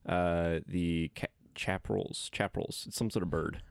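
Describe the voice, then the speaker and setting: A young man introduces himself on a casual podcast, hesitant and full of fillers. His voice is deep and smooth. The recording is dry and close. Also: steady tone, no room sound. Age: young adult. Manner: halting, filler-heavy. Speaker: podcast guest. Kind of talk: casual chat.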